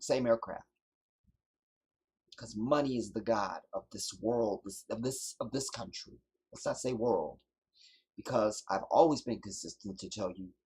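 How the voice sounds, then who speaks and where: A man hosting a livestream, delivering an impassioned, preachy monologue that often drops to hushed whispers. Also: lowish voice, slightly rough. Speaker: livestream host.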